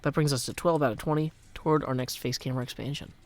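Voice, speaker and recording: A man's voice: medium pitch, steady tone, quick pace. A man from Tennessee chatting casually on a game livestream, rambling and joking as he thanks donors. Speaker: gaming livestreamer. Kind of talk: casual livestream chat while playing.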